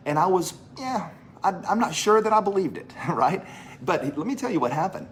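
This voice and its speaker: A man's voice: sits high, sing-song, fairly quick, slight background noise. A man from Mississippi with a Southern accent, presenting a business opportunity to an audience in a chatty, storytelling way and repeating phrases for emphasis. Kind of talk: animated sales pitch to a live audience.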